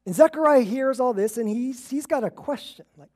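A woman preaching a relaxed, conversational sermon, telling stories and chuckling as she acts out the people in them. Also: high-pitched, normal speed, few pauses. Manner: storytelling, acts out quoted voices, chuckles.

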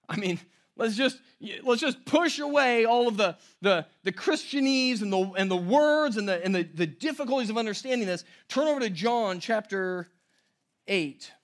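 A male pastor preaching a sermon, emphatic, swinging between loud stress and near-hushed lines. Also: high voice, expressive, unhurried.

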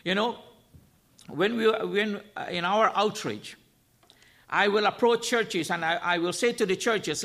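A male guest preacher with a high, bright, forceful voice. He delivers his sermon emphatically, driving points home by repeating phrases and firing rhetorical questions at the congregation. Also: big pitch swings, unhurried.

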